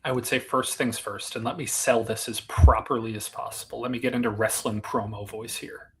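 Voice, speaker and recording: A man reporting on football in a relaxed podcast chat, his voice a little husky. He mixes his analysis with dry, self-mocking jokes. His pitch sits in an ordinary middle range. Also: brisk. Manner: dry, jokey, self-deprecating. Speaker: sports reporter co-host. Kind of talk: casual sports chat.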